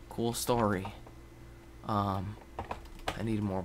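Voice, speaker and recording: Young guy doing game commentary, lowish voice, mumbles and whispers then yells and swears at the game. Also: normal speed, a little hiss or hum. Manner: erratic, swings from mutters and whispers to yelling; swears freely, talks to viewers. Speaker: gaming video host. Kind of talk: casual gameplay commentary.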